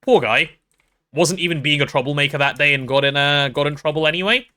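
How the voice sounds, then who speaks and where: A man's voice: a little high, a little fast, bright, forceful tone. A young man chatting casually while streaming a game, rambling and playful with self-deprecating stories. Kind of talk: casual gaming stream chat.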